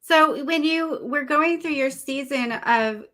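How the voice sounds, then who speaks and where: A middle-aged woman hosting a casual interview, chatty and agreeable, asking lively follow-up questions. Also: high voice, takes it slowly. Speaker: podcast host.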